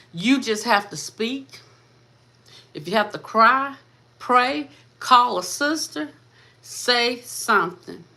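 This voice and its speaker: Fervent bright-voiced woman preaching encouragement. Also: medium pitch. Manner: repetitive, fervent, addresses listeners as sis and baby. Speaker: host of a motivational channel. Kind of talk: impassioned faith-based motivational talk.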